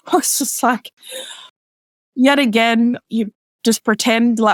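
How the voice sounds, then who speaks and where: A little slow and with long pauses, a woman guest narrates a personal story in casual conversation, her intonation fairly even. She uses many "like" fillers and quotes others in a raised voice, recorded with studio quality and no room sound.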